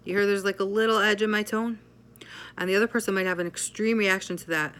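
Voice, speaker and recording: A woman psychotherapist giving a measured explanatory talk, often checking in with "right?". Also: mid-range voice, steady tone, fairly bright tone, clear, resonant tone.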